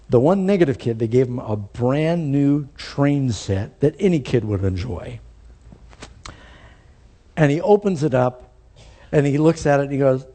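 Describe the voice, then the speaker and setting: Animated preacher with a mellow voice. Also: male voice, medium pitch, brisk. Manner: animated preaching, rising to emphatic peaks. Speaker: pastor. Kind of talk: sermon.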